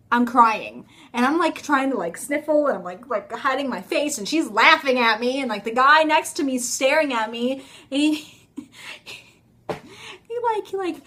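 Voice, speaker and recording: A woman's voice: high voice, a bit bright. A young woman talking casually to her phone camera in a rambling, self-mocking vlog, full of fillers. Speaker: vlogger.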